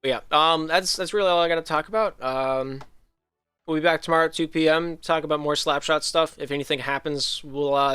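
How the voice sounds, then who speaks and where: Livestream host, male, slight Southern American drift, bright, dry close sound. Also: fairly high pitch, fairly even intonation, brisk, clear, resonant tone, no room sound, faint music behind. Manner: rambling, frequent ums and restarts. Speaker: league host. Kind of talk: casual livestream talk.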